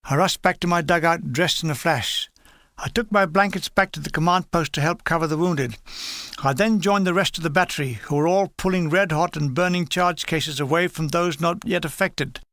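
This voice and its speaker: A man's voice: a little high, moderate pace, fairly bright tone, no room sound. An older man reading his own wartime memoir aloud in a dry, wry, matter-of-fact way.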